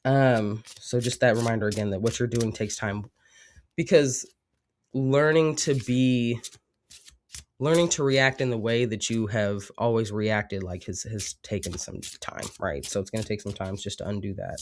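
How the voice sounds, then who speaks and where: This tarot reader is a man with a lowish, steady voice at normal speed, congested as if he has a cold, over a slight hiss or hum. His casual reading rambles reflectively, with frequent fillers.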